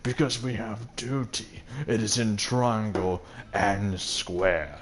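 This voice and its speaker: A man putting on the voice of a pompous, self-important old scholar, speaking slowly and grandly as a mockery. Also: lowish voice. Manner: slow, grandiose, mocking.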